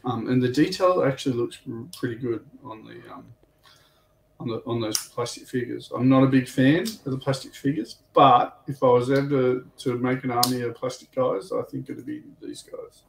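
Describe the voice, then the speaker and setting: A man co-hosting a casual livestream chat, relaxed, agreeable and rambling. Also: mid-range voice, moderate pace, gravelly. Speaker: livestream co-host. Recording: echoey room with faint noise.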